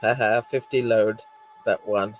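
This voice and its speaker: A man's voice: fairly low pitch, steady tone, a little slow, soft background music. A man hosting a livestream, chatting casually, laughing often and reading out viewer comments. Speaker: livestream host.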